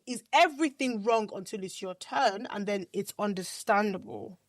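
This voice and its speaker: A woman's voice: mid-range voice, normal speed, no echo, studio quality. A woman with a Nigerian accent co-hosting a casual podcast chat, blunt and often repeating words as she starts a thought. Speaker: podcast co-host.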